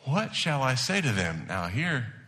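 A man preaching a sermon to his church, moving between hushed asides and emphatic declarations. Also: mid-range voice, wildly swooping pitch, unhurried. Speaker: pastor.

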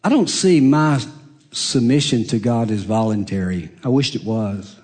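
A man preaching a sermon, earnest and confessional, swinging from raised emphatic peaks down to near-whispered hushes. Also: a little slow. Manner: emphatic, rising high then dropping to near-hush.

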